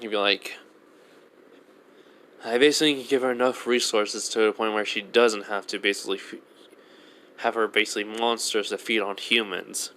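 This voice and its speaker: A man improvising a fan-fiction story aloud in a rambling way, with many fillers and restarts, and with brief higher voices for the women in it. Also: a bit bright, a little hiss or hum.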